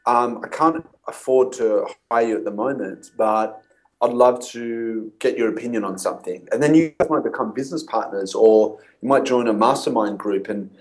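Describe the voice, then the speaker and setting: This interview guest, a male copywriter, recounts stories and performs his own past dialogue. His voice sits in the mid-range, a little mellow, at normal speed, captured in a low-quality recording.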